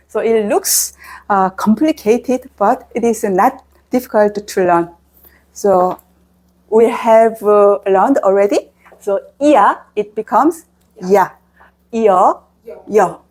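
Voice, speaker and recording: A woman with a Korean accent leads a pronunciation lesson at a very unhurried pace. She drills each syllable again and again so learners can repeat it after her. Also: mid-range voice, mellow. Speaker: Korean language teacher. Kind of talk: slow, patient pronunciation lesson.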